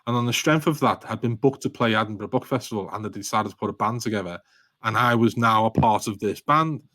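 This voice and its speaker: Appearing as a guest author in a podcast interview, this Liverpool man with a Scouse accent spins loose, self-mocking stories and laughs a lot. He speaks quickly in a fairly low voice with a sharp tone. No echo is audible.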